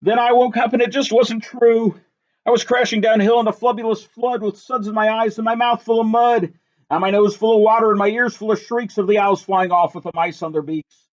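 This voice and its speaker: A man reading a rhyming picture book aloud in a lively, sing-song, rhythmic way. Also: high voice, brisk. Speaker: reader. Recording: dull lo-fi recording.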